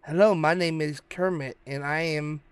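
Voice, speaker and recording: A man reading out the lines of a creepy frog character in a horror game, in a flat, deadpan way. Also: a little high, moderate pace, clean tone, no room sound, natural voice.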